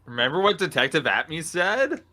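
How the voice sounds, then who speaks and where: A man's voice: on the high side, sing-song, moderate pace, sharp tone. A man reading a cheerful young woman sidekick's game dialogue aloud in a plain, unpolished voice.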